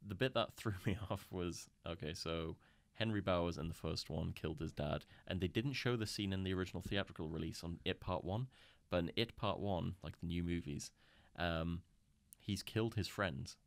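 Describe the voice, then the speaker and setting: A young man from Scotland talks through a film on a casual podcast with friends. His voice is low and gravelly with fry. He rambles, swears a lot and drops into quick put-on voices to retell scenes. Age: young adult. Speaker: podcast co-host.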